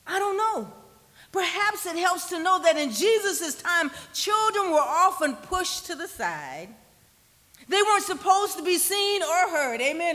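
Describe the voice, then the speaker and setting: Lady pastor preaching, high and bright, chatty, long echo in a big church. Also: big pitch swings, measured pace. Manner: conversational preaching, drops to soft near-whispers for emphasis. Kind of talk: sermon. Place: church sanctuary.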